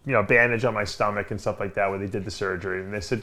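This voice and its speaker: A man's voice: lowish voice, steady tone, rapid-fire, vocal fry, pushed and bright. A man hosting a podcast, telling stories in a casual, rambling way with lots of filler words. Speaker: podcast host. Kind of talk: casual storytelling chat.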